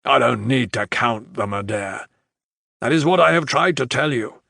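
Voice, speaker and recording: A man's voice: medium pitch, vocal fry, no echo, studio quality, exaggerated voice. Man voicing a cold, inhuman general. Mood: probing. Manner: flat, detached, unhurried. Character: coldly inhuman male general, emotionless.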